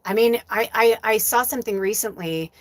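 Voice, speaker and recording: A woman's voice: a little high, moderate pace, no echo. A woman hosting a live show as a psychic medium, talking frankly and with plenty of swearing as she tells a personal story. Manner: candid, profane, animated storytelling. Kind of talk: casual livestream talk.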